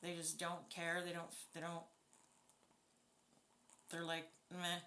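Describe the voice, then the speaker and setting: A woman talks through a tarot spread in a bright voice. She reads casually and bluntly, swears freely and sounds openly indignant. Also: on the low side, completely flat delivery, slow pace. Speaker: tarot reader. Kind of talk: casual spoken tarot reading.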